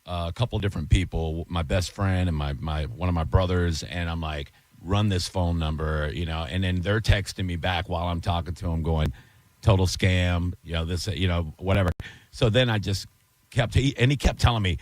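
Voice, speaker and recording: Radio regular, male, low voice, dry close mic, brash and mocking in delivery. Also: moderate pace, dry recording. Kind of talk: casual radio banter.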